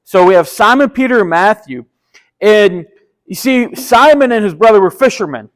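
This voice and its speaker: Man, high voice, casual preacher, enthusiastic storyteller, slangy and chatty. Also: expressive, moderate pace, rough recording. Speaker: pastor. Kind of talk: casual sermon retelling a story.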